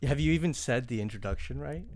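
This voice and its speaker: A man's voice: mid-range voice, expressive, fast talker, darkish tone, no room sound. A young man co-hosting a casual podcast, dry-humored and keeping the chat moving. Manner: wry, steers the show along. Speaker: podcast co-host.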